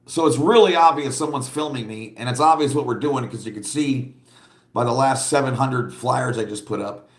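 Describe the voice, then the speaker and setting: A man's voice: medium pitch, normal speed, echoey room. A man hosting a casual livestream, chatting bluntly and rambling, laughing often and reading viewer comments aloud. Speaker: livestream host.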